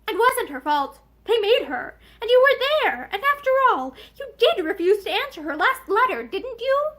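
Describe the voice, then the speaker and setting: An eager, innocent young girl, earnest and pleading, her voice climbing high, as a woman reading a novel puts her on. Her speech leaps and swoops with a lively, expressive lilt. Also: moderate pace, exaggerated voice.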